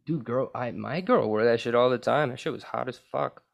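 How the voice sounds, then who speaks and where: A man's voice: mid-range voice, a little fast, gravelly. A young man hosting a podcast, chatting in a crude, rambling way and calling his guest bro and dude. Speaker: podcast host. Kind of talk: casual chat.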